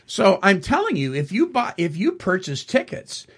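Husky middle-aged guy hosting radio, lively ups and downs, kinda worked up. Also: high-pitched, normal speed. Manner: animated, indignant storyteller, chuckles often. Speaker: radio show host. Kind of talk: casual storytelling chat.

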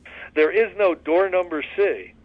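An earnest man leads a study discussion, folksy and unhurried, with plenty of restarts. His voice sits slightly high. The sound is dull and dry, as if it came over a phone line. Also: dry recording. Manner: earnest, folksy storyteller with many restarts and fillers. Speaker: recovery study leader. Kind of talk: casual spoken study discussion.

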